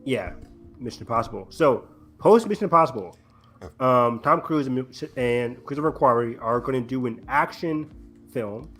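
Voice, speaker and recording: A man co-hosts a casual movie podcast, speaking at an everyday middle pitch. He rambles through news items, pausing often on ums and restarting his sentences. Faint music sits underneath. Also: lively intonation, fairly bright tone. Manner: rambling, halting with many ums. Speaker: podcast co-host. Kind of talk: casual chat.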